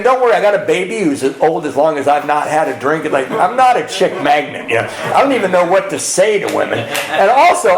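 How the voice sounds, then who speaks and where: A man telling his recovery story at a men's retreat, animated and laughing, acting out the people in it. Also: a little high, gravelly. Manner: animated storyteller, acts out voices, laughs often. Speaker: retreat speaker. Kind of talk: personal recovery testimony with humor. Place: retreat meeting hall. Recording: echoey hall with faint background noise.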